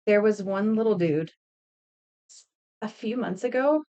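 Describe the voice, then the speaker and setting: A woman's voice: medium pitch, expressive, a little slow, warm tone, muffled recording. A woman in her thirties chatting casually with viewers while making earrings on a live stream, telling stories and laughing. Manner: chatty, laughing, reading and answering chat. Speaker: craft streamer.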